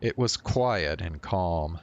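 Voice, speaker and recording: Slow, deep-voiced male streamer. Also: animated, dull audio. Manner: reads game text aloud, breaking off for offhand remarks and chuckles. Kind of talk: reading a visual novel aloud with casual commentary.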